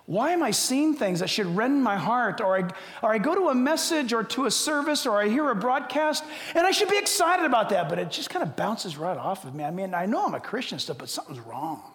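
Older male pastor, high voice, humorous and animated sermon delivery in a reverberant hall. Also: fast, few pauses. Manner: humorous, animated storytelling with sudden drops to quiet. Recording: echoey hall.

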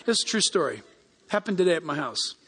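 A man preaching a sermon as pastor, animated and acting out the people he quotes. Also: a little high, fast talker, husky, a faint crowd. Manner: animated, acts out quoted people in raised voices. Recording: long hall reverb.

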